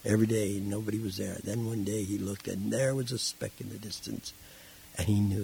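Gravelly man telling his story. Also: fairly low pitch, brisk, rough recording. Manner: animated, acts out the voices in his story. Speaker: interview guest. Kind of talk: casual storytelling.

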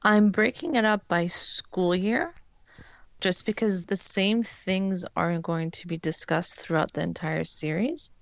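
A woman author reading her own story aloud in a measured, steady way, then answering interview questions. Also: lowish voice, vocal fry, no echo. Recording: dull lo-fi sound.

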